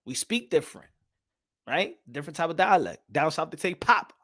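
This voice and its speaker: A man's voice: fairly high pitch, sing-song, moderate pace, sharp tone. A man from New York with a New York accent, talking in a loose, profane, laughing monologue as a boxing channel host. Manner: loose, swearing, laughing often.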